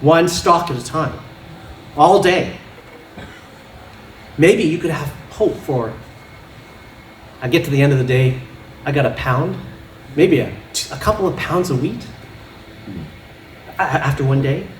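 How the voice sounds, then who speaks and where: A man preaching a sermon in a church, animated and often laughing as he makes his points with props and playful sound effects. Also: fairly high pitch, a little slow, long pauses, roomy sound, far from the mic, a little hiss or hum. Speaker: pastor. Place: church sanctuary.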